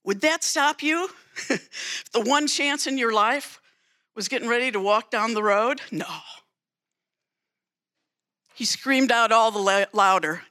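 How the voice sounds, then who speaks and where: With a bright, forward voice pitched in the middle range, a preacher tells a sermon's story dramatically and theatrically, repeatedly circling back to emphatic phrases. He keeps a measured pace.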